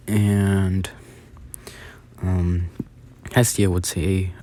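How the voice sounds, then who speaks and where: A man's voice: on the low side, steady tone, measured pace, pauses often, darkish tone. A man improvising a casual fan story, rambling with many fillers and restarts.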